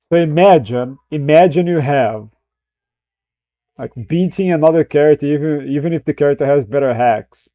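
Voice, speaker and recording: Mellow-voiced man rambling while reacting. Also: a little high, dry recording, highs cut off. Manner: swears freely, rambling, laughs at himself. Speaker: streamer reacting to a film clip. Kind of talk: casual reaction commentary.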